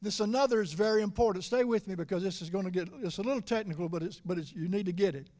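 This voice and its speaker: A middle-aged male preacher with a high voice delivers a sermon. He swings from loud, emphatic lines to low, confiding asides. He slows down and stretches key words when he wants them to land.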